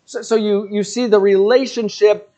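A man's voice: sits high, steady tone, normal speed, mellow. A man in his forties preaching in a church, conversational and joking, with frequent restarts and asides to the congregation. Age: 40s. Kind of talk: sermon.

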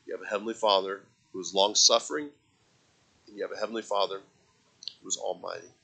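A man preaching a sermon, swinging from loud impassioned passages to soft, quiet reflection and quoting scripture in old-fashioned wording. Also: sits low, steady tone, fast talker, gravelly, breathy edge, poor audio.

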